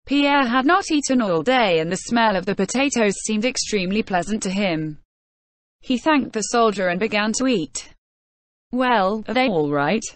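A synthetic female voice narrating an audiobook in an even, measured reading that sometimes reads punctuation marks aloud. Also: mid-range voice, no echo.

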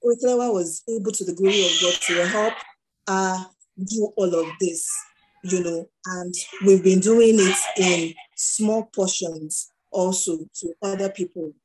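A woman's voice: mid-range voice, measured pace, noisy background. A middle-aged Nigerian woman speaking as an interview guest, telling stories and acting out the dialogue in them. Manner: animated storyteller who acts out dialogue. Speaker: guest entrepreneur. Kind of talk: conversational interview.

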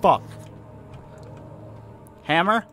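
A man's voice: very slow, fairly bright tone, soft background music. A young man voicing a horror game playthrough, jumpy and swearing, pleading with and joking at the monsters. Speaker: gaming channel host. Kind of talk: horror game let's play commentary.

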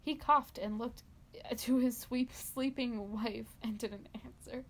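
Woman reading a creepy story on a podcast, kinda high voice with lots of fry. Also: fairly even intonation, slow pace, a little hiss or hum. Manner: dramatic reading, laughs between lines. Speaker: podcast co-host. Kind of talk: reading a horror story aloud with banter.

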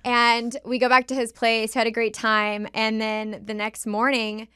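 A woman guest on a casual podcast, telling a story in an animated way and swearing freely, close to the mic. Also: on the high side, measured pace, clean tone, no room sound.

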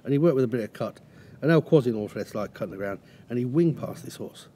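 A man's voice: medium pitch, lively intonation, fast, warm tone, a little hiss or hum. A middle-aged man, a racehorse trainer, telling rambling anecdotes in a casual interview. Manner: rambling anecdotes with restarts and acted quotes.

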